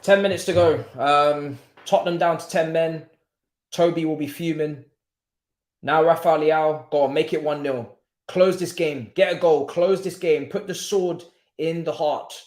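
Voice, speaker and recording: A man's voice: fairly high pitch, steady tone, unhurried. Slangy man commenting on football live. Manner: chatty, slangy, reacting. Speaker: streamer host. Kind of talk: casual live match commentary. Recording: echoey room.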